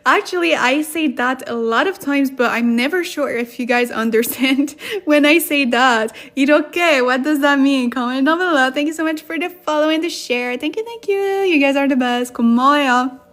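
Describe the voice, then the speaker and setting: A woman's voice: high voice, brisk, fairly bright tone. A woman teaching a casual livestream lesson, chatting with viewers, reading their comments and laughing often. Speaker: livestream Korean tutor.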